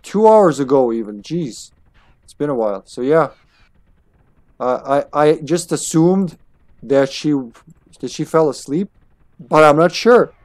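A man's voice: a little high, lively intonation, unhurried, pauses often, darkish tone, no room sound. A man streaming a game live, chatting in a laid-back way, swearing and laughing. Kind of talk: casual live gameplay commentary. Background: game music.

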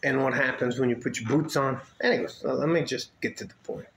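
A West Texas vlogger talks to the camera in a casual, joking, rambling way, drifting off topic as he goes. His medium-pitched voice is brisk and a bit bright, with a roomy echo and faint noise in the recording.

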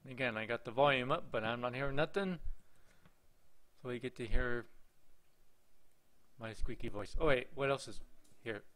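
A man's voice: medium pitch, normal speed, pauses often, a bit bright. A man giving casual let's play commentary on a horror game, rambling and joking, often talking straight to the game's characters. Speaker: gameplay commentator.

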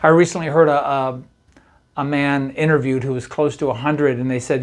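A middle-aged man, a campus pastor, giving a relaxed daily devotional in a chatty, folksy way, often checking in with the listener. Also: medium pitch, normal speed. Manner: conversational, folksy, often asks "right?".

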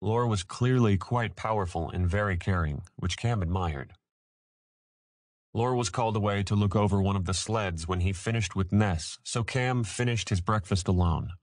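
A man with a voice on the low side narrates an audiobook, reading steadily and in a measured way. The scripted narration has clean studio sound with no room sound.

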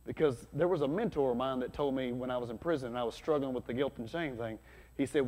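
A man preaching a sermon as pastor, conversational and energetic, with sudden loud bursts. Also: medium pitch, fast talker. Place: church hall. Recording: long hall reverb.

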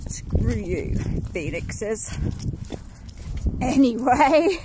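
A woman's voice: on the high side, big pitch swings, drawn-out words. A British woman in her thirties, a mother, chatting and rambling to her phone while out walking in the countryside, laughing often. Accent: British English. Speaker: vlogger. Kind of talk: casual chat. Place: outdoors on a rainy country walk. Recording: loud wind and rain noise outdoors.

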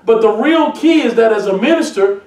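A man preaching a sermon as a pastor, emphatic and building to shouted points. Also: extremely high pitch, lively intonation, normal speed. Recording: echoey church heard from a distance.

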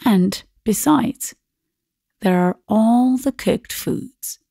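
A woman plays a bossy elder spinster sister from a storybook, lofty and firm, with a gravelly, husky edge to her slow words. The voice stays mellow and dry, close to the mic. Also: fairly high pitch, no echo, exaggerated voice.

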